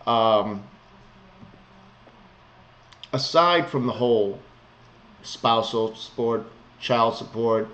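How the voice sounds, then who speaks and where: The same sort of home vlogger talks slowly here, his medium-pitched voice fairly bright, as he riffs sarcastically and bluntly on the news with frequent chuckles. It's a slightly muffled, lo-fi recording.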